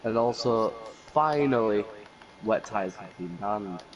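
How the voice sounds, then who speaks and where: A man's voice: lowish voice, animated, slow pace, dull audio. A man with a Yorkshire accent co-commentating a sim race with laughing, teasing banter. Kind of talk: casual sim racing commentary.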